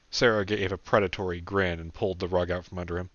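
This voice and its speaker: A man's voice: low voice, little pitch movement, fast talker, few pauses, fairly bright tone, no room sound. A man, the author himself, reading his own audiobook in a plain, understated way. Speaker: author and narrator. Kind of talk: audiobook narration. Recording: dull dry lo-fi recording.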